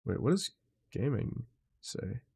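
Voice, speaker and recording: A man chatting on a live stream who mutters and swears in exasperation as he fixes his setup. He talks slowly and unhurriedly, and his pitch swings widely. He keeps breaking off to apologize to his viewers. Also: sing-song, creaky, mellow, slightly rough.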